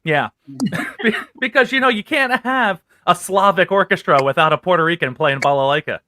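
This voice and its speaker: Bright, high man chatting haltingly. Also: lively intonation, slight background noise. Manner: halting, full of restarts. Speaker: co-host. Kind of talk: casual talk show chat.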